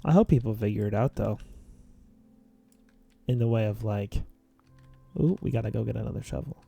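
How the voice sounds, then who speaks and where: A man's voice: lowish voice, moderate pace, creaky, warm tone, breathy edge. A man rambling philosophically in casual chat while playing a video game, full of "like" fillers. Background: faint game music.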